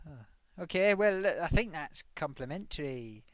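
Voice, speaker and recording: A man's voice: a little high, lively intonation, normal speed, fairly bright tone, no echo. A man hosting a casual live stream, reading out forum comments with a chatty, self-amused manner.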